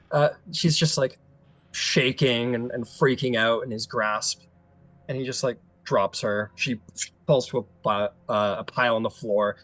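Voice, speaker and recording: A man's voice: mid-range voice, fairly bright tone. A man narrating a tabletop game as game master, casual and hesitant with many fillers.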